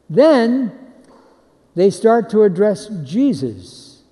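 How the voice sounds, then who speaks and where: Man, sermon, high voice, mellow tone, long hall reverb. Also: very animated, slow. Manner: leads the crowd in call-and-response chants. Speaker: preacher.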